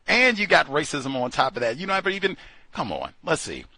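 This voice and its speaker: A man hosting a call-in show, talking casually and jokingly, swinging between loud exclamations and low mutters. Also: huge pitch swings, a little fast, no room sound. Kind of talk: casual monologue.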